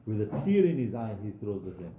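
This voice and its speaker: A man's voice: fairly low pitch, sing-song, fast, roomy sound, phone-quality sound, noisy background. A young man preaching a sermon, telling a story dramatically with frequent asides to his audience.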